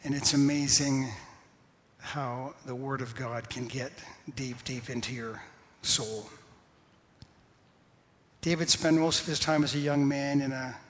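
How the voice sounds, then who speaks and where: Slow, measured male pastor preaching. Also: mid-range voice, steady tone. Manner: slow, measured preaching with a self-deprecating laugh. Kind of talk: sermon. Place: church sanctuary. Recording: long hall reverb.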